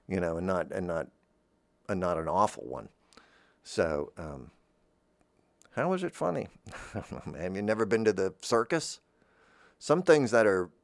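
Here a man hosts a podcast, his voice sitting low in a dry recording. His rambling comedic monologue often stalls and restarts, sprinkled with jabs at himself.

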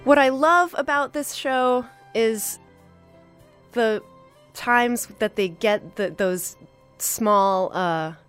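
A woman hosting a podcast, reviewing an episode in a casual, enthusiastic way with many fillers and pauses. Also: on the high side, fairly bright tone, smooth, soft background music. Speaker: podcast host.

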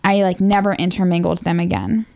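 Her voice is lowish, gravelly, and dark in tone, brisk in pace with fairly even intonation. She's a twenty-something interview guest from Northern Virginia, USA, casually telling stories about her past, self-mocking and saying "like" a lot.

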